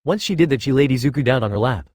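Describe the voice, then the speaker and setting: A man narrating a fan fiction story in a flat, hurried reading voice. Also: medium pitch, dry recording, clean studio sound.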